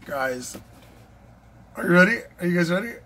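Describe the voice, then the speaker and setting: A man's voice: high voice, expressive, normal speed, a bit bright. A man unboxing a knife for his vlog, gushing and breathless, repeating himself as he talks. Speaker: knife collector vlogger.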